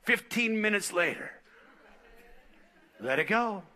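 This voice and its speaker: A middle-aged man preaching a sermon as pastor, telling stories with laughs and dropping into quiet asides. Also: sits high, slow. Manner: animated storytelling with laughs and sudden quiet asides.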